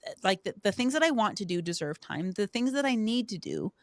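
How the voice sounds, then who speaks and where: A woman hosting a podcast, telling personal stories in an animated, emotional way with frequent restarts. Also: mid-range voice, a little fast, no echo, studio quality. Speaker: podcast host. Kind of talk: casual conversational interview.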